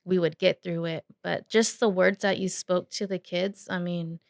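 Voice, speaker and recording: A woman with a somewhat low voice speaks softly and hesitantly, often restarting as she looks for words. The sound is dry and close, with no room echo. She is taking part in a casual podcast conversation. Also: flat delivery, vocal fry. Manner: hesitant, halting, soft-spoken.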